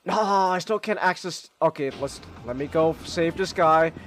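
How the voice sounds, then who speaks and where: A man hosting a casual live-stream podcast while playing a game, excitable, with loud outbursts and stammered restarts. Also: on the high side, normal speed, slight background noise.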